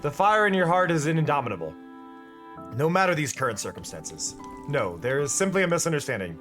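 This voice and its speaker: A man voicing an earnest young warrior who speaks formally and gravely. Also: on the high side, big pitch swings, brisk, fairly bright tone. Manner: formal and grave, speaks in lofty pep talks. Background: faint music.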